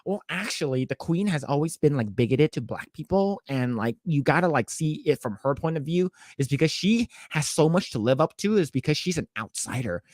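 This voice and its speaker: A man co-hosting a podcast, retelling stories in casual chat with lots of fillers and quick put-on voices. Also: on the high side, animated, a little mellow, no room sound, clean studio sound. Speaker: podcast co-host.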